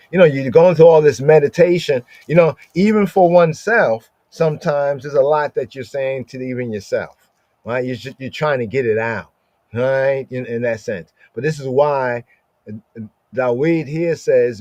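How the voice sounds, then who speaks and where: A man's voice: mid-range voice, moderate pace, a little mellow, no echo. A man teaching the Torah and Psalms in a morning study, repeating Hebrew words over and over and acting out the muttering of someone talking to himself. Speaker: Bible teacher. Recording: dull dry lo-fi sound.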